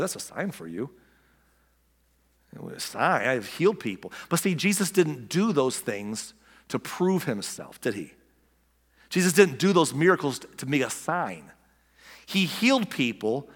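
Joking preacher with echoing voice. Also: male voice, on the high side, a little fast. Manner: animated, joking, acts out quotes. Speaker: pastor. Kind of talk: conversational sermon. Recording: long hall reverb.

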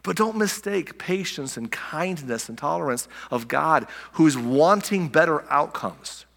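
A man delivers a sermon in a bright, forward voice, talking conversationally and often restarting his phrases. He lets key words sink low and soft for effect. The sound rings with the long reverb of a large hall. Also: expressive, measured pace, vocal fry. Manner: conversational preaching with restarts and soft dramatic drops. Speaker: pastor.

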